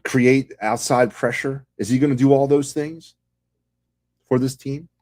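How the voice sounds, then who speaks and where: A man's voice: medium pitch, fairly even intonation, unhurried, darkish tone. Fired-up ranting sports podcast man. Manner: fired-up, sarcastic, rhetorical questions. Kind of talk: fan rant.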